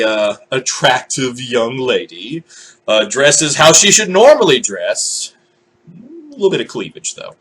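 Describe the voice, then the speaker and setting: A vlogger rants casually to the camera in a husky, medium-pitched male voice. He's profane and animated, swearing freely and acting out the voices of the people he quotes.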